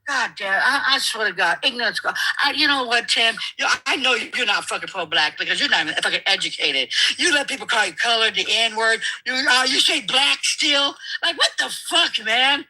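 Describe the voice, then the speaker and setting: Angry cussing woman, high and very bright, yelling on the call. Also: animated, normal speed, few pauses, husky. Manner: angry, profane, shouting. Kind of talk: heated debate.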